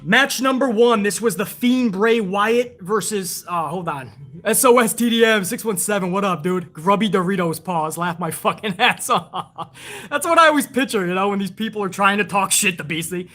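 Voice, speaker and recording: A man with a high, bright, forceful voice speaks expressively at normal speed while hosting a wrestling review livestream. He rants profanely in casual commentary and reads out messages from the chat.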